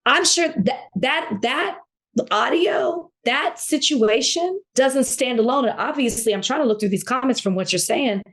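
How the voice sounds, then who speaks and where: Indignant woman with a slightly high voice. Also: animated, a little slow, a bit bright. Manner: passionate, indignant, restarts and repeats phrases. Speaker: podcast co-host. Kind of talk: heated casual chat.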